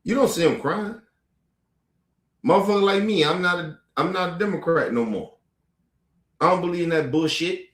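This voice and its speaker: A man's voice: high-pitched, normal speed, pauses often, reverberant. A man hosting a commentary show, ranting angrily and profanely at clips with mocking rhetorical questions. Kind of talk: profane angry reaction rant.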